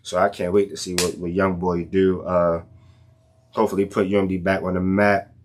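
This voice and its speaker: A man's voice: sits low, normal speed, slight background noise. A young man talking casually and ranting about college football in loose slang, his voice jumping up in heated outbursts. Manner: animated, slangy, rants with rising outbursts. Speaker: sports commentator vlogger. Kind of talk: casual sports rant.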